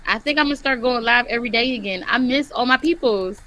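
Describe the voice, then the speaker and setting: Woman livestream host, bright and high-ish voice, unhurried chat into a computer mic. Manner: chatty, warm-hearted affirmations, frequent laughs.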